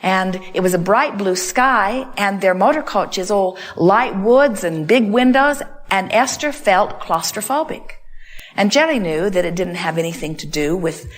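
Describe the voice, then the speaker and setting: Woman, mid-pitched, emphatic seminar speaker, repeats her phrases for effect. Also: animated, a little slow. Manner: emphatic, repeats phrases like "in other words" and "you see". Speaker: inspirational speaker answering audience questions. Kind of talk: seminar talk on stage.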